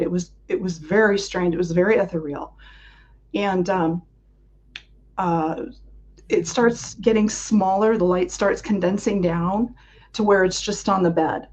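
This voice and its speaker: A woman's voice: medium pitch, moderate pace, darkish tone. A woman, an interview guest, recounting a personal experience in vivid detail and acting out her own past thoughts. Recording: dull lo-fi sound.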